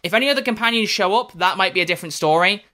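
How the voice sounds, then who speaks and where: A man co-hosting a podcast, telling stories in an excitable, rambling way with plenty of fillers. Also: high-pitched, racing. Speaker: podcast co-host. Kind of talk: casual chat.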